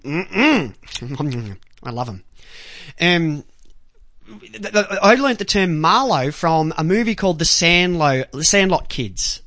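An Australian man hosts a talk radio show in a loose, rambling monologue full of ums, restarts and casual swearing. His voice is fairly high and bright. The sound is close and dry, with no room around it. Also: very animated, slow, no room sound.

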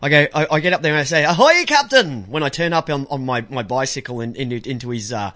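A man's voice: mid-range voice, fairly even intonation, quick pace, pushed and bright. A man hosting a casual online show, a bit tipsy, rambling and stumbling over words with frequent laughs. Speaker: podcast host.

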